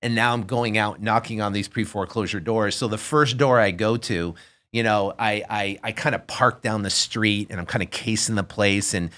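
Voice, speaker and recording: With a voice on the low side and a normal speed, a man in his fifties recounts a story as a podcast guest. The chat is relaxed, and he animatedly voices the characters himself.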